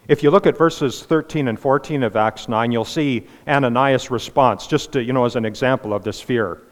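A man's voice: mid-range voice, moderate pace. A male pastor preaching a sermon in a conversational way, with asides and restarts. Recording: long hall reverb.

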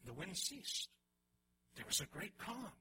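A man preaching a sermon in an animated way, often restarting his phrases and acting out the voices he quotes. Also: high-pitched, measured pace, a little hiss or hum, poor audio. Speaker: pastor.

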